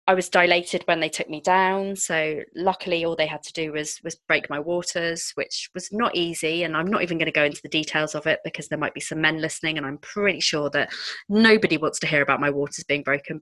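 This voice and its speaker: A woman tells a personal story candidly and expressively. Her voice sits a little low yet sounds crisp and bright. The recording is close and dry. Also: no echo. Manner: frank, expressive, quick asides. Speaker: podcast guest, entrepreneur.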